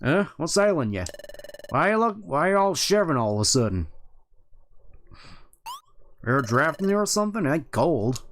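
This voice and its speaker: A man's voice: a little high, big pitch swings, normal speed, pauses often, fairly bright tone, slight background noise. A man voicing a folksy male guild mentor in a put-on country drawl for a video game. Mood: gruff.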